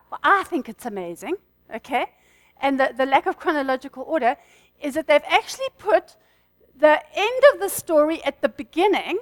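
This high-voiced church speaker teaches her group in a rapid, relaxed sermon style, talking with the audience and laughing as she moves from point to point.

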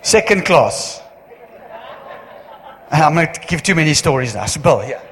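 A man giving church notices as pastor, chatty and joking, with halting restarts. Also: on the high side, very animated, a bit bright, a little hiss or hum. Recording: long hall reverb.

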